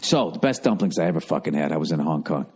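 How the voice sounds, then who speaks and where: A man's voice: very deep voice, lively intonation, quick pace, a little mellow, slightly rough. A middle-aged American man telling a rambling, profane comedic story as a podcast host.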